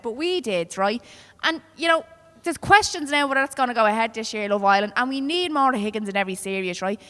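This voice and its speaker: On a comedy club stage, a woman from Ireland with a Dublin accent tells stories to the audience in a brash, swearing, conversational style. The sound is big-room, and her voice is fairly high and a bit bright.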